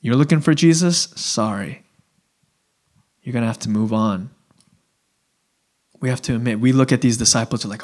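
A male pastor preaching a sermon in a relaxed, conversational way, acting out little voices and asides. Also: medium pitch, moderate pace, long pauses. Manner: conversational, animated, acts out voices.

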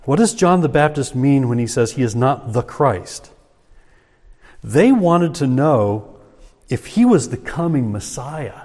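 A man preaching a sermon as a pastor, slow and emphatic, asking rhetorical questions. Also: medium pitch, very animated, a little mellow. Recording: long hall reverb.

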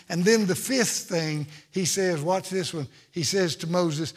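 A man's voice: fairly high pitch, animated, normal speed, hardly any pauses, breathy edge, in a large hall. A man preaching a sermon from the pulpit, with an emphatic, repetitive cadence. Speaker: pastor.

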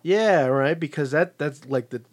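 A man's voice: on the high side, unhurried. Laid-back man chatting about a show. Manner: laughs often, lots of fillers and restarts. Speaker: podcast co-host. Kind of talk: casual chat about a TV show.

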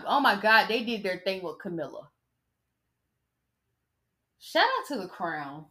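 A woman's voice: medium pitch, animated, unhurried, long pauses, fairly bright tone. A woman hosting a podcast in a casual, sassy style, chatting and mocking as she reads an article aloud. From United States. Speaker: podcast host.

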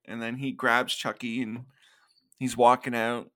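A man co-hosting a podcast, casually recapping film scenes and acting out quick quotes in between laughs. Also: mid-range voice, level tone, fairly bright tone. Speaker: podcast co-host. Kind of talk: casual movie recap chat.

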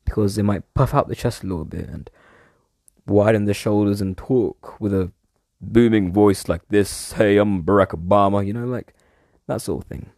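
Man, casual monologue, mellow gravelly delivery, digressive and loose, dry sound. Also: fairly low pitch, normal speed, no echo. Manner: rambling, digressive, casually swearing.

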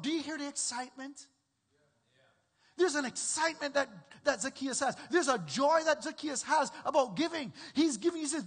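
A man's voice: very high voice, expressive, normal speed, long reverb tail. A man preaching a sermon as pastor, emphatic and repetitive, often checking in with his listeners.

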